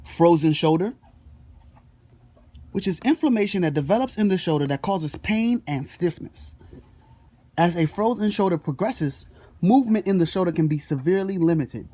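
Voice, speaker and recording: A man's voice: fairly high pitch, dark tone. A man playing a boastful middle-aged father who is a shoulder doctor, lecturing in a comedic skit with slangy asides. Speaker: student performer in a school skit.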